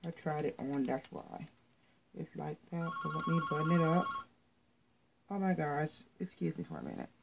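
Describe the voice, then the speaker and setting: A woman's voice: low voice, normal speed, creaky, background noise. Chatty American woman showing clothes. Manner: chatty, repeats words, says "you guys" often. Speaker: fashion vlogger. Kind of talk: casual haul video.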